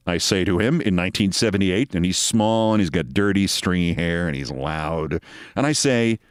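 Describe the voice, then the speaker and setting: A man with a low, clean voice hosts a show, telling a long personal story at a moderate pace in a lively monologue. He acts out the people he quotes. The recording is dry, with clean studio sound.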